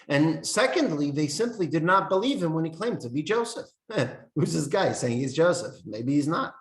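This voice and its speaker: A man's voice: fairly high pitch, animated, moderate pace. A man teaching a Torah lesson in an earnest, explanatory sermon style, quoting texts and commentators as he goes. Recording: echoey room.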